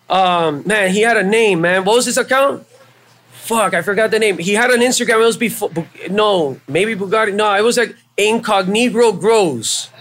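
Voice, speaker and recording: A man with a fairly high voice tells his story on a podcast, loose and casual. He swears freely and jumps into the voices of the people he's quoting, keeping the telling animated. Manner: animated and profane, acting out quoted exchanges. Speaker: podcast guest. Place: live show at a venue.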